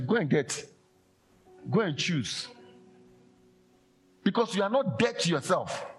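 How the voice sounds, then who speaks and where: Excitable preacher guy, high voice that jumps all over, faint music under it. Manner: animated, acts out quoted voices, laughs often. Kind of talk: lively sermon.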